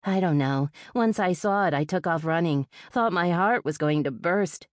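A blunt, suspicious storage-facility owner, played by a woman narrating an audiobook. She talks in a folksy, curt way, pitched somewhat above the reader's own low voice. The recording is close and dry. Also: lively intonation, normal speed, dry recording, lightly acted. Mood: shaken. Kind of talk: audiobook character voice.

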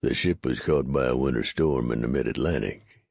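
A man voicing a cool, unhurried Texan gunman with a mocking drawl in an audiobook reading. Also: extremely low pitch, gravelly, a little mellow, breathy edge, no room sound, clean studio sound, exaggerated voice. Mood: calm. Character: cold, calm Texan gunman, smug and unhurried.

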